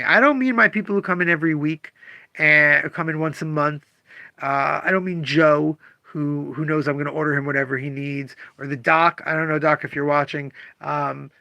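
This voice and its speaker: A man's voice: a little high, no room sound. A man who owns a comic shop, talking casually on a livestream and acting out customers' voices. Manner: animated, acts out customer voices.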